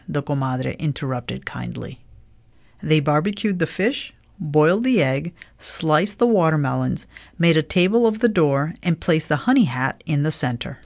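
A woman narrating a children's storybook aloud in a gentle, even read-aloud manner. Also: low-pitched, normal speed, vocal fry, no room sound, clean studio sound. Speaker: storybook reader.

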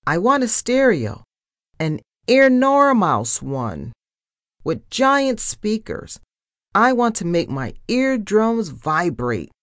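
A woman voicing an excitable male mouse boss who shouts his demands. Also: deep voice, measured pace, no room sound, studio quality. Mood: bossy excited. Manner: loud, demanding, shouting orders. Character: excitable male mouse, a stuffy editor turned trendy.

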